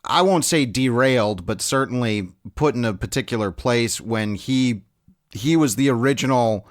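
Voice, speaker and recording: At a moderate pace and medium pitch, a male podcast co-host chats casually about films. He keeps things loose, with plenty of fillers and starting over mid-sentence.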